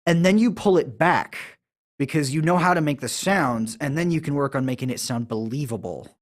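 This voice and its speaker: A man's voice: fairly high pitch, a little fast. A man co-hosting a podcast, chatting casually and explaining how to do stage accents with a joking, teacherly manner. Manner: explains acting technique, jokey. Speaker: podcast co-host. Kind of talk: casual chat.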